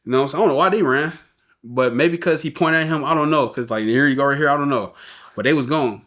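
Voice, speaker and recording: A man's voice: medium pitch, quick pace, a bit bright. A middle-aged man, a podcast guest, telling an emotional story in slangy everyday talk, often saying "you know what I'm saying" and acting out the voices of people in it.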